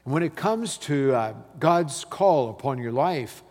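A man leading a church service as pastor, speaking in a measured, reflective way and posing questions to the congregation. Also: medium pitch, expressive, darkish tone, long reverb tail. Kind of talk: sermon.

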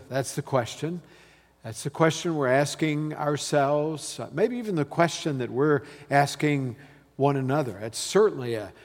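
A man leading a church service as pastor, speaking in a measured, reflective way and posing questions to the congregation. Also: medium pitch, in a large hall. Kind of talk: sermon.

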